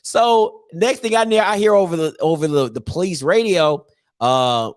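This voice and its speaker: A man tells a funny tale with animated delivery and frequent laughter. His pitch swoops all over the place. The sound is dry and close. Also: moderate pace, dry recording. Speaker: storyteller. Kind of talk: comic storytelling.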